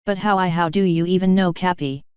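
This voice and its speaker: A woman's voice: fairly low pitch, fairly even intonation, brisk, smooth, dry recording, lo-fi sound, close to an everyday voice. Woman doing a flustered pony guard captain. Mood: defensive.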